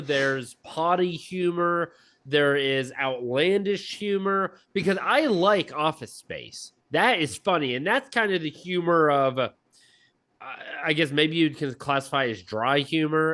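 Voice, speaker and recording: A man's voice: on the high side, fairly bright tone. A man co-hosting a game review show, asking curious questions and thinking aloud. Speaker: co-host. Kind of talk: casual chat.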